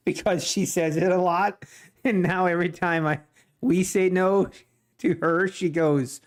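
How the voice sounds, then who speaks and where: Casual male streamer, a touch high-pitched, talks to chat between trades and laughs easily. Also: steady tone, unhurried, smooth. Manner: chatty, laughs often, addresses chat directly. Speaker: day trading livestream host. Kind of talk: casual livestream chat and market commentary.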